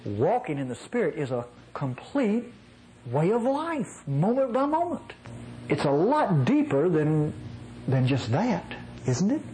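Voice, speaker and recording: A nasal-voiced man from North Mississippi delivers a conversational sermon in a homey style. His pitch swings widely as he drives points home, and he laughs easily. A faint hum of background noise sits under the voice. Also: unhurried, low-quality recording. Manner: folksy, chuckling asides, animated emphasis. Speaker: preacher.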